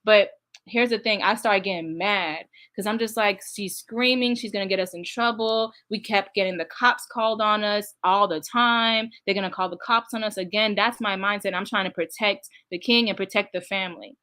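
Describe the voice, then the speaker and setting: A woman's voice: medium pitch, steady tone, moderate pace, bright, forceful tone. Young woman, candid reaction commentary, addresses the viewers directly, laughs easily.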